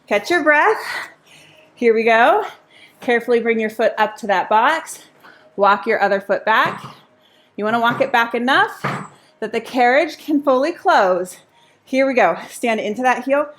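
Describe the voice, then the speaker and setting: A woman Pilates instructor leading a workout class while exercising along, out of breath at times, counting reps and cheering. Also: fairly high pitch.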